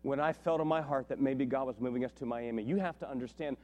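A man preaching a sermon as a pastor, telling a story with lively acted-out dialogue. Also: medium pitch, quick pace. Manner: animated storytelling, acts out dialogue with big swings in loudness. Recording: long reverb of a large hall.

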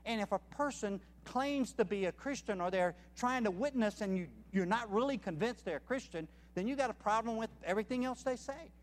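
A man's voice: high-pitched, in a large hall. A man preaching a sermon as a missionary, emphatic and counting off his points one by one.

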